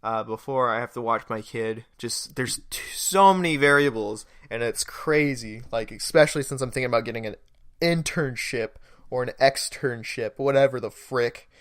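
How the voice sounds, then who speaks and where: Bright-voiced young guy rambling on a podcast. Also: medium pitch, moderate pace, no echo, clean studio sound. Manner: rambling, self-deprecating, joking. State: stuffy nose. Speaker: podcast host. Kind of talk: casual solo podcast monologue.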